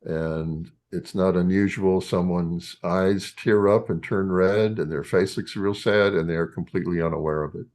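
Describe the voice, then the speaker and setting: Very deep-voiced older male lecturer. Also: steady tone, darkish tone. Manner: halting, many fillers and restarts. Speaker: psychologist teaching a class. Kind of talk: classroom lecture.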